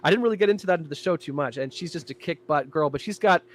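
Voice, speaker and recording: A man in casual podcast chat, describing his own show in an animated way. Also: fairly high pitch, racing. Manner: animated, jumping into character voices.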